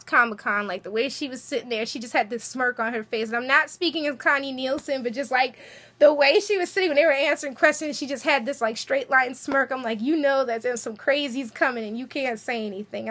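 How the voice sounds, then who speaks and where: Bright, high-voiced woman recapping a show. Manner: chatty, animated, many fillers and asides. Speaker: TV episode recapper. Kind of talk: casual episode recap.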